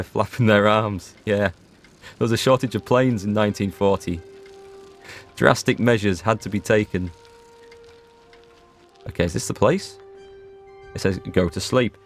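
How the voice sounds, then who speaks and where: A man with a creaky voice on the low side casually commentates a video game while playing. The gaming video host jokes around and talks to his chat throughout this let's-play.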